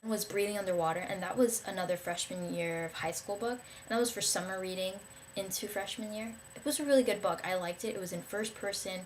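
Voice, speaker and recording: A young woman vlogs casually about books she enjoyed, rambling enthusiastically with plenty of fillers and restarts. Her medium-pitched voice moves briskly, with slight background noise behind it.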